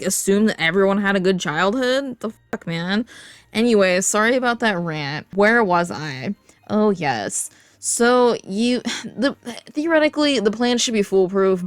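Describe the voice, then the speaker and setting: Woman vlogger, mid-pitch, dry close sound, rambling profane comic rant, faint music bed. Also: dry recording. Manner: rambling, digressive, swears freely. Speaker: comedic vlogger. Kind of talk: casual comedic rant to camera.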